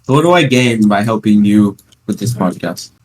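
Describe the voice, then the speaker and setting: A teenage podcast host at home, chatting casually and rambling through stories with playful sarcasm. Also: male voice, lowish voice, expressive, moderate pace, a little mellow. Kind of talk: casual chat.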